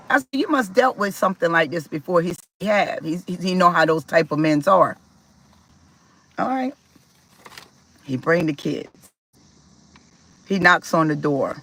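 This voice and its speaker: A woman's voice: medium pitch, normal speed, rough recording. A woman telling a personal story, acting out other people's voices and laughing as she goes. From South Carolina, US. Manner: animated, acts out quoted voices, laughs while telling. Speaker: testimony speaker. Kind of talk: storytelling testimony.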